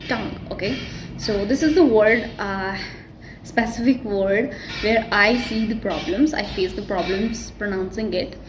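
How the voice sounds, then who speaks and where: A woman, not a native English speaker, giving a casual self-recorded pronunciation tutorial and talking quickly with many restarts. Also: medium pitch, low-quality recording. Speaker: vlogger teaching English pronunciation.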